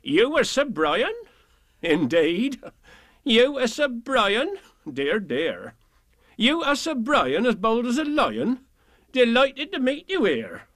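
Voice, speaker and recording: A man voicing mocking villagers in a storybook poem, speaking high, drawn-out and sarcastic. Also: sing-song, dry recording, clean studio sound, full character voice. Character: mocking crowd of villagers, sneering and ironic.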